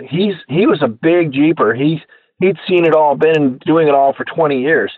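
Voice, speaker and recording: A man telling his inventor story as a radio guest, animated and acting out the people he quotes, heard over a tinny phone line. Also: on the high side, moderate pace, no echo. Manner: animated storyteller who acts out quoted voices. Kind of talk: casual storytelling interview.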